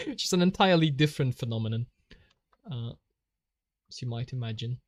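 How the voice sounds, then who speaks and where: Reading chat aloud while he draws on a live stream, a giggly young man from Poland talks casually with a Polish accent and laughs a lot. His voice is mid-range and a little mellow, with lively intonation and a moderate pace, captured in clean studio sound without echo.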